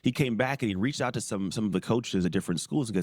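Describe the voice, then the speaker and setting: In a dry, close recording with no room sound, a podcast guest in his forties who once played pro football races through a story in a low voice. He laughs easily and animatedly acts out the voices of people he quotes while keeping the casual interview story rolling.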